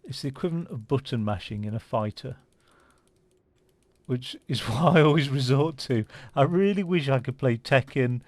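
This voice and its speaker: A man with a medium-pitched, somewhat dark voice hosts a gaming channel, offering casual let's-play commentary as he plays. His talk rambles, full of fillers and restarts, and the recording has no echo.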